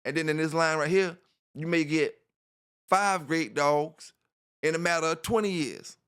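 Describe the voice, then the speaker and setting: A man's voice: a little high, a little slow, fairly bright tone, clean tone. A man hosting a dog channel, talking casually in a rambling monologue, repeating himself and filling gaps with "you know".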